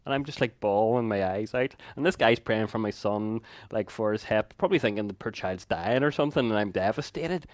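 A man in his fifties preaching a sermon, telling a personal story in an earnest way with quick laughs and asides. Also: lowish voice, dry recording.

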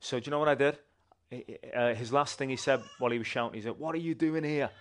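Man telling a lively testimony. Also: mid-range voice, quick pace. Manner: animated, conversational storytelling with restarts. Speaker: church member giving testimony. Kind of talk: personal testimony storytelling.

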